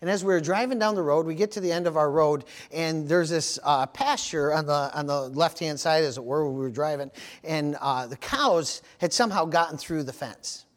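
A man pastor preaching a sermon, telling animated stories and calling out "amen" and "praise the Lord". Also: on the high side, moderate pace. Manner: animated storytelling with amens and praise interjections.

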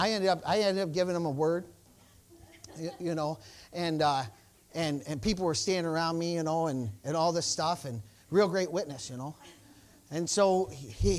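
Guy pastor preaching, tells a story, repeats himself a lot, kinda high voice, praise the lord stuff. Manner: storytelling, acts out quoted exchanges, stammering restarts; exclamations of praise. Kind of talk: sermon.

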